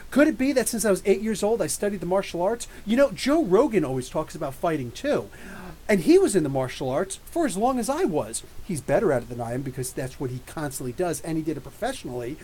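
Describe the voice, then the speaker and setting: Man, middle-aged, podcast host, live Q&A, profane mocking rant, lively swooping pitch. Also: slight background noise, poor audio. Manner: animated, profane, mocking ranting.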